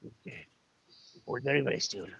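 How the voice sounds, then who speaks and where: A man's voice: normal speed, fairly bright tone, lo-fi sound, natural voice. A man voicing a flamboyant, bossy male cat fashion designer who talks theatrically and drops in Spanish words. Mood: insistent.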